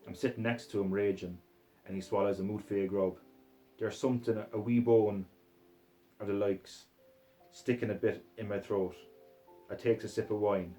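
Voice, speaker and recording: Low-voiced man in a put-on Scottish accent. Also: steady tone, moderate pace, long pauses, dark tone, faint music behind, rough recording. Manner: profane, aggressive, rough. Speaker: reader. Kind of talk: first-person narration of a crude, gritty novel.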